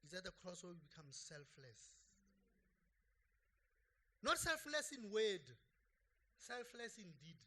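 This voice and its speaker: A pastor delivers a sermon with a very high-pitched voice. His tone is bright and forceful. He preaches in an animated, conversational way, tossing in playful asides. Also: slow pace, long pauses.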